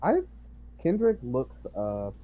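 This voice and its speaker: Man, tabletop player, hesitant, lively pitch, faint hum. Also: slow, phone-quality sound. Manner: hesitant, lots of um and like. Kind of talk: casual tabletop play.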